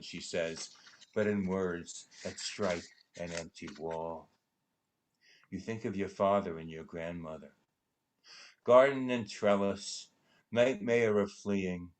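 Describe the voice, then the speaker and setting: A man reading a prose poem aloud in a slow, dramatic recitation, his voice hushed and trailing into near-whispers at the ends of lines. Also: low voice. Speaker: poetry reader at a benefit concert.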